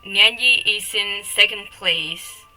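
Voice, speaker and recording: A woman's voice: mid-range voice, takes it slowly, bright, forceful tone, faint music behind, poor audio. A young woman streaming live, chatting with her viewers, often giggling, teasing and swearing at her chat.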